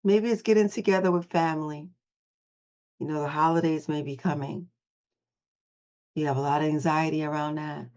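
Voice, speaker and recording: A woman's voice: low voice, steady tone, moderate pace, long pauses, a little mellow, highs cut off. A woman hosting a motivational morning call, coaching listeners and having them repeat affirmations back to her. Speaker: host and voice coach.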